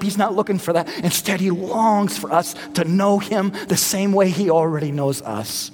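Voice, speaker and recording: A man's voice: high voice, moderate pace, few pauses, soft background music. A man in his thirties, a pastor giving a sermon in a conversational way, repeating rhetorical questions to the congregation. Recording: reverberant hall.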